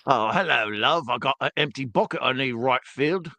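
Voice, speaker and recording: A leering old Cockney geezer chats up a lady with saucy lines, as a man puts him on. The voice is bright and sharp, and it is recorded dry and close. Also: medium pitch, brisk, no echo. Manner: leering mock-Cockney drawl.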